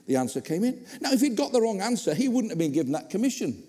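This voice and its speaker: Animated preacher in a reverberant hall. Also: male voice, high voice, quick pace. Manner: animated, conversational, with humorous asides. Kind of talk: sermon. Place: church hall.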